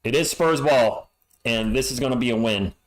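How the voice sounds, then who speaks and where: Excitable man calling a game live. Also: mid-range voice, moderate pace. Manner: excitable, yells on big plays. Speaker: live stream play-by-play host. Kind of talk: fan play-by-play commentary. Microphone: home streaming mic that clips.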